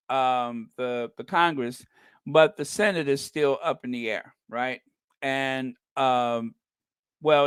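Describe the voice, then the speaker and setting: Slow, hesitant joking man. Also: fairly high pitch, smooth, dry recording. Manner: hesitant, full of ums and restarts, joking. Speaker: channel host. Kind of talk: casual commentary vlog.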